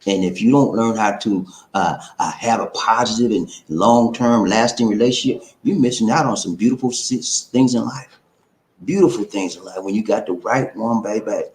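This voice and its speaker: A man's voice: lowish voice, moderate pace, darkish tone, reverberant. A man hosting a relationship advice channel, talking to viewers in a loose, colloquial way and hyping them up. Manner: chatty, sings snippets and hypes up viewers, laughs often. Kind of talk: casual talk to camera.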